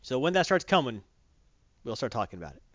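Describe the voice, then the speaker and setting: A man hosting a live stream, chatting casually and hyping viewers in a jokey, animated way. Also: mid-range voice, quick pace, no room sound, muffled recording. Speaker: stream host.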